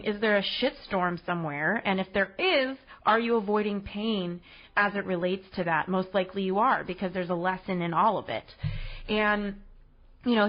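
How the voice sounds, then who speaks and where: A woman's voice: medium pitch, lo-fi sound. A woman podcast host, in her late twenties or thirties, giving earnest, encouraging self-help advice in a solo reflection.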